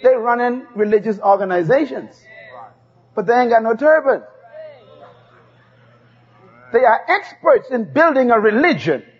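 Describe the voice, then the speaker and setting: A man preaches in a very high, husky voice, expressive and at normal speed. His emphatic call-and-response delivery repeats key phrases for the congregation, recorded on dull lo-fi tape.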